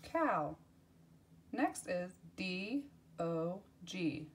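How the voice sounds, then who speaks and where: A woman's voice: fairly low pitch, big pitch swings, slow. A woman teaching young children, spelling out words letter by letter and repeating them in a sing-song voice with cheerful praise. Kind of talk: children's lesson.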